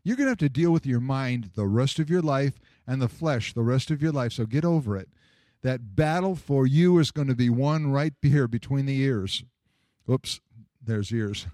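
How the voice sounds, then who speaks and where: Delivering a sermon full of stories, this preacher voices the characters himself and laughs at his own humor. His voice is medium in pitch and dark in tone, captured with clean studio sound and no echo.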